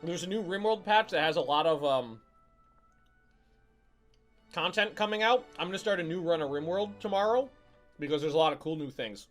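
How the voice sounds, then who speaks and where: A fairly high, bright and forceful male voice running commentary over a live strategy game stream. He stumbles and restarts his sentences and swears casually. He shouts orders at his units, and faint music plays underneath. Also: animated. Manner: barks quick orders to units, voice jumps up when alarmed.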